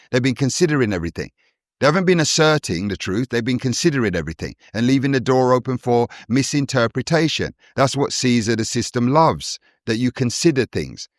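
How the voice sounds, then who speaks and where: Guy ranting preachy on a podcast, mid pitch, repeats himself, dead dry sound. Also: dry recording. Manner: preachy, emphatic, repeats his points. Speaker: podcast co-host. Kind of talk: forceful monologue.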